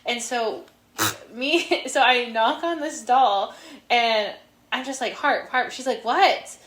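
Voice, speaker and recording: A woman's voice: fairly high pitch, animated, slow pace, a bit bright, echoey room, slight background noise. A woman in her twenties from New Mexico, co-hosting a podcast in a laid-back way, chiming in with agreement. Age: 20s. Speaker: podcast co-host. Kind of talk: casual chat.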